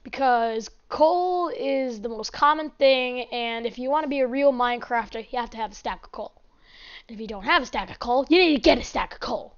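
A woman with a high, bright voice rambles through casual gameplay commentary, chatty and excitable, breaking into sudden exclamations. The recording sounds dull and lo-fi, like a cheap home mic. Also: a little fast, smooth. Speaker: gaming channel host.

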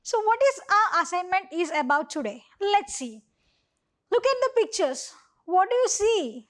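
A woman's voice: very high-pitched, big pitch swings, a little slow, fairly bright tone. A woman with an Indian English accent teaching an online phonics lesson to young children, spelling words out letter by letter. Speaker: primary school teacher.

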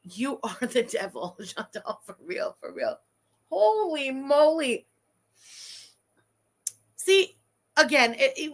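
A woman's voice: high voice, sharp tone. A woman streamer giving profane, mocking, sarcastic reaction commentary during a live stream.

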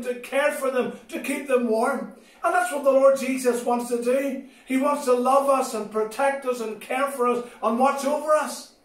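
A man giving a children's sermon, swinging from loud exclamations to hushed, low phrases. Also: far from the mic. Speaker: children's ministry preacher. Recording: echoey room, voice from off the mic.

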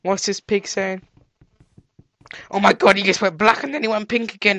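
A teenage boy with a cold and sore throat, doing let's play commentary as a gaming channel host, excitable and yelping at discoveries. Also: high voice, normal speed, no room sound. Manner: excitable, yelps and squeals at discoveries, chatters to animals.

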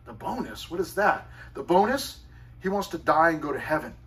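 A man's voice: on the high side, fairly quick, fairly bright tone. Conversational male pastor, somewhat far off. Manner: conversational storytelling with asides. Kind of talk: sermon. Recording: voice far from the mic.

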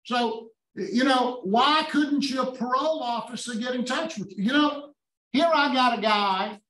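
Man, parole board member, stern pointed questioning, high pitch, echoey room, far from mic. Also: a little slow, sharp tone. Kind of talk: hearing interrogation.

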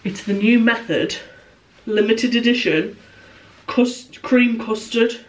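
A woman's voice: on the high side, slow. A young woman chatting casually in her home kitchen, teasing and laughing often as she talks to her partner. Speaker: vlogger. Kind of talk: casual chat. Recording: echoey kitchen from a distance.

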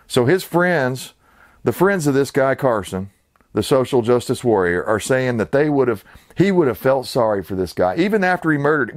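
A man's voice: medium pitch, expressive, moderate pace. A man hosting his own channel, ranting with sarcastic, indignant, rambling commentary. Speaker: channel host.

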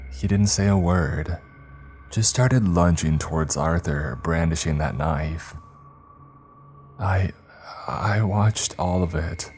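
A man reading the first-person account of a grieving older woman, a former space communications chief, in slow, somber scripted horror narration. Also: sits low, darkish tone, slight background noise. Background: faint music.

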